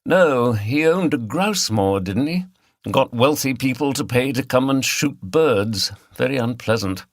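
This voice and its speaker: A man's voice: mid-range voice, lively intonation, unhurried, no echo, studio quality, voice pushed up. A man reading the part of a middle-aged male artist with a British RP accent, polite, precise and faintly superior.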